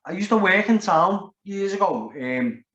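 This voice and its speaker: Speaking a little slowly, this Liverpudlian has a high, animated voice with a sharp edge. He's chatting casually and rambling through a story, cursing constantly and peppering it with "like." The sound is lo-fi, dull, and roomy.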